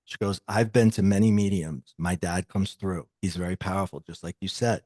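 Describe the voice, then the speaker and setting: A man guest on a podcast, telling a personal story in an animated way and acting out the dialogue he quotes. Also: low voice, moderate pace, no echo.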